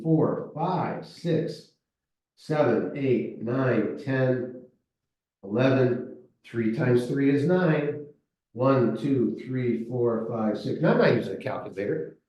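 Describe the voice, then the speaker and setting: Man teaching at a whiteboard, talks while he writes, recorded far off in a boomy room. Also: a little mellow. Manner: talks while writing, counting aloud, checks in with "right?". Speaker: math teacher. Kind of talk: whiteboard math lesson. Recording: echoey room, voice from afar.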